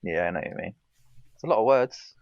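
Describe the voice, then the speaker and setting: A man's voice: on the low side, lively intonation, quick pace, no room sound. A man co-hosting a gaming podcast, talking in a laid-back, rambling way. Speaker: podcast co-host. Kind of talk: casual chat. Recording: dry, dull lo-fi mic.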